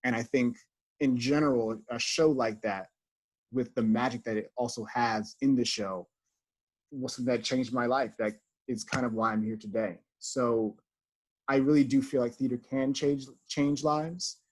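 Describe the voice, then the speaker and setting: A man's voice: mid-range voice, steady tone, moderate pace. Earnest man on a video call. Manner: earnest, thoughtful, with many fillers. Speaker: associate house manager, guest. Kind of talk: reflective interview over video call.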